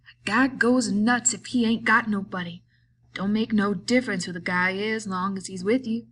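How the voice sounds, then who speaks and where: A woman voicing a bitter, lonely man who taunts a friend, in a slow, drawling rural way of talking. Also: medium pitch, fairly bright tone, slight background noise, voice pushed up, natural voice. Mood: brooding.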